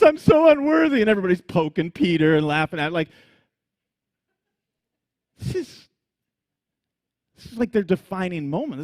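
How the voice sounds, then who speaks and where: A man preaching a sermon, telling the story with animated energy, frequent laughs and acted-out scenes. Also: a little high, no room sound. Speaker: pastor.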